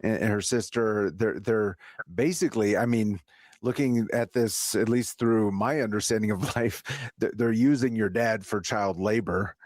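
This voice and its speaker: A man's voice: fairly low pitch, fairly even intonation, normal speed, a little mellow, no room sound. A man hosting a radio talk show, speaking hesitantly with stammers and fillers as he recaps his guest's story. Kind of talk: radio interview.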